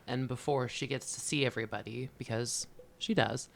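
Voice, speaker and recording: A man's voice: medium pitch, fairly even intonation, moderate pace, vocal fry. A man co-hosting a casual book podcast. He rambles through his ideas with many restarts and gets emotional as he talks. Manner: emotional, gets choked up while retelling. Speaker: podcast co-host.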